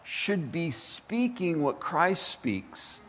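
A male pastor preaches a sermon very slowly, his voice on the high side with big swings in pitch. He builds with passion toward near-shouts and poses rhetorical questions. The recording sounds dull and lo-fi, with an echoey hall around him.

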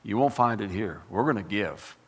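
A man preaching a sermon as pastor, fired up and animated, full of folksy asides and repeated words. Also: lowish voice, normal speed, husky, big-room sound. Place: church sanctuary.

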